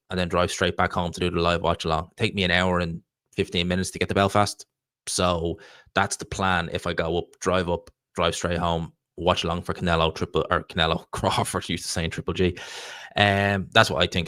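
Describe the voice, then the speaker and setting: A man's voice: low-pitched, flat delivery, brisk, fairly bright tone, no room sound, clean studio sound. An Irish man hosting a live stream, chatting casually and rambling through answers to viewer questions. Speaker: livestream host reading viewer chat.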